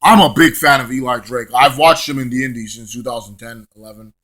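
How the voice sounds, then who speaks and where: A man's voice: medium pitch, a little fast, pushed and bright. A man giving a casual, rambling, sarcastic vlog review of a wrestling show, swearing freely.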